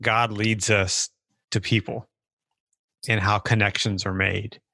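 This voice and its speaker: Slow, calm interview host. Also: sits low, creaky. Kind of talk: faith-focused interview.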